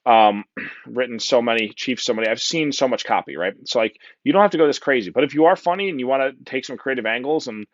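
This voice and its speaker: A man's voice: medium pitch, fast talker, dry recording, highs cut off. A man with a New Jersey accent giving a casual, joking conference talk full of fillers. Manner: chatty, joking, many fillers and "right?". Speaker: conference speaker.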